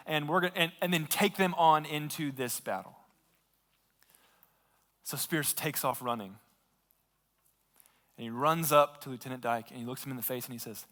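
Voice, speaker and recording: High, bright-voiced male pastor preaching. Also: brisk. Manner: casual, lively retelling with fillers. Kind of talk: sermon storytelling. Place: church sanctuary. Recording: long reverb of a large hall.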